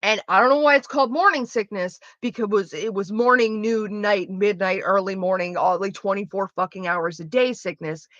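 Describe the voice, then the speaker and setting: Young woman, candid streamer chat, sharp bright tone, curses a lot; dry, slightly muffled close mic. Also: mid-range voice, normal speed, few pauses, no room sound. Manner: blunt, profane and animated.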